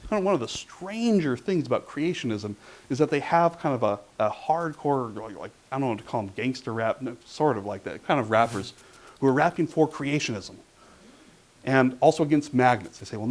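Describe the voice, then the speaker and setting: A man's voice: medium pitch, expressive, a little fast. Wry man giving a lecture. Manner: wry, conversational, with asides. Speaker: guest speaker. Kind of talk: public lecture.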